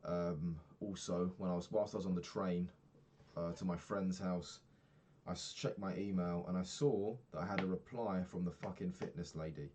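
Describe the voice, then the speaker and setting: Low-voiced young man rambling in a vlog. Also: steady tone, moderate pace, a little mellow. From United Kingdom. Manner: rambling, swears often, loses his thread. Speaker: vlogger. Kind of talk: casual diary vlog.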